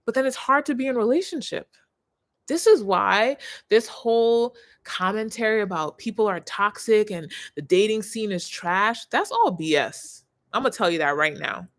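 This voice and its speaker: A woman in her thirties, a personal branding coach, talking on a live stream in an expressive way that swings from soft to loud. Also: mid-range voice.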